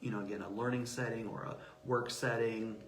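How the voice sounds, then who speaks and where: A man speaking as an interview guest about self-advocacy, telling stories with lively acted-out quotes. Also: mid-range voice, a little fast. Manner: animated storyteller acting out quoted voices. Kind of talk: casual interview talk. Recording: roomy echo.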